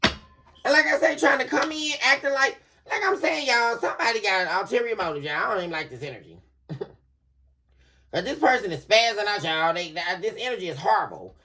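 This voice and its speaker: Animated woman giving a tarot reading. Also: medium pitch, moderate pace. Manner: animated, laughing, addresses viewers as y'all. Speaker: tarot reader. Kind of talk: casual psychic reading to viewers.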